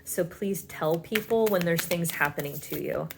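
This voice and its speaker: A woman's voice: lowish voice, moderate pace, gravelly, background noise. A woman giving a pick-a-card tarot reading, talking in a soothing, reassuring way with many fillers.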